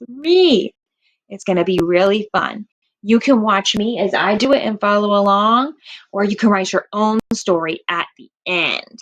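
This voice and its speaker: A woman's voice: mid-range voice, moderate pace, a bit bright. A woman teaching a kindergarten writing lesson, stretching out words and sounds for young children.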